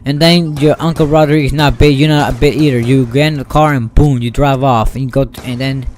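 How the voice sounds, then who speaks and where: A man casually telling a made-up story over gameplay, rambling and excitable, acting out sound effects. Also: mid-range voice, a little fast, slight background noise. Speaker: gaming YouTuber.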